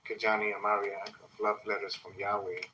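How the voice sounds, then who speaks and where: A man lays out religious teaching in a steady, explanatory monologue. His low voice has a very bright, sharp edge. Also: fairly quick, slight background noise, rough recording. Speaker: religious YouTuber.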